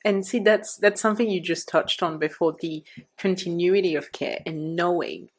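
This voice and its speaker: Woman, podcast host, low pitch, husky, supportive. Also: normal speed. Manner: supportive, many soft affirmations. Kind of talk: casual chat.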